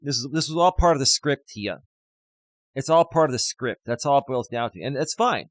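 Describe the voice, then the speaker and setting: Guy ranting on his livestream, gets teary thanking a donor, normal pitch, dead dry room. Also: animated, a little fast, no echo. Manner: indignant rant turning to emotional gratitude. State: emotional, near tears. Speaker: live-stream host and life coach. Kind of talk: live-stream talk reading super chats.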